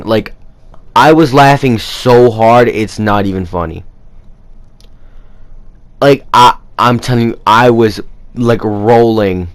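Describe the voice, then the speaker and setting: A young man telling a personal story in a casual, rambling way, with lots of fillers. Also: medium pitch. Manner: rambling, animated retelling with many fillers. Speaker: vlogger.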